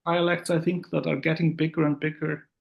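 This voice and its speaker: A man's voice: a little high, flat delivery, a little fast, creaky, lo-fi sound. A man from Iceland with an Icelandic accent, a professor explaining language in a careful, hedging way as a guest. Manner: thoughtful, hedging, frequent "yeah, yeah". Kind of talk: casual academic conversation.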